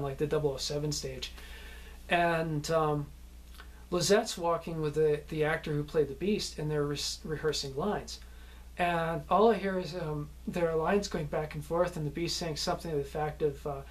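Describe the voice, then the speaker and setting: A man, an actor, casually telling behind-the-scenes stories from a film shoot, rambling with many fillers and restarts and often laughing. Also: on the high side. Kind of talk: casual anecdotal storytelling.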